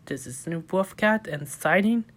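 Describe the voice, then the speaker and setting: A woman from the United States hosting a casual solo podcast, talking in a rambling, halting way with loose grammar and many fillers. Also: on the low side, lively intonation, breathy edge. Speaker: podcast host.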